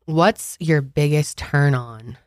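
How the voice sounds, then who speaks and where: Low-voiced laid-back woman, Boston accent. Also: slow pace, a little mellow, dry recording, studio quality. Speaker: podcast co-host. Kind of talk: casual chat.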